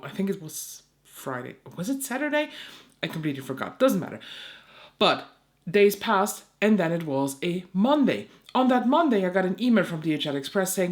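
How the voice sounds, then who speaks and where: A woman's voice: on the low side, expressive, fairly quick. A young woman, a beauty content creator, telling an exasperated story in a casual vlog, swearing often and acting out both sides of phone calls.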